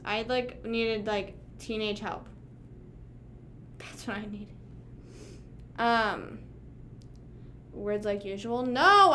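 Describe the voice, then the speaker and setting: Young female streamer, twenties, slightly high voice, casual slangy rambling chat, light background hiss. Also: fairly bright tone. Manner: chatty, slangy, lots of "like" and "bruh". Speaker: livestreamer. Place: home room.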